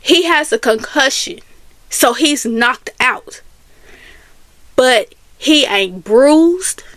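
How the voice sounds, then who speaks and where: A high-pitched woman tells a personal story straight to her viewers, animated and chatty. The sound is dry and close, with no room echo. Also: drawn-out words. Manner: animated, Southern US Black vernacular phrasing, addresses viewers as y'all. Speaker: vlogger telling a story. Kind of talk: casual storytelling to camera.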